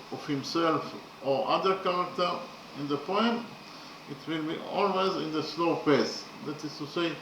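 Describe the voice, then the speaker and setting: Guy giving a slow step by step lecture, lots of uhs, bright kinda high voice, echoey room. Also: a little hiss or hum. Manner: slow, methodical, hesitant with frequent fillers. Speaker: literature teacher.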